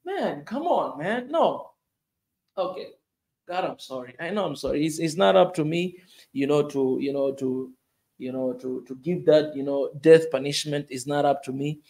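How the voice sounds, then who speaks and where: A man from Tanzania comments on the news in a loose, heartfelt way. His fairly high voice climbs as he repeats himself and keeps tossing in "man". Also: expressive, moderate pace, dark tone. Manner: emotional, repetitive, says "man" often, voice rising in outrage. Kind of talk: impassioned casual commentary.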